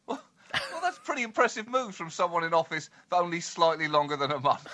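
A man co-hosting a comedy podcast, with animated, mock-indignant comic delivery. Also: medium pitch, quick pace. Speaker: co-host.

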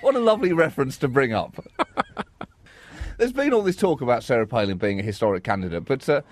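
Sardonic man with an animated voice. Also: mid-range voice, brisk, slight background noise. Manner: sardonic, laughs at his own jokes. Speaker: comedy co-host. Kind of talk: satirical comedy chat.

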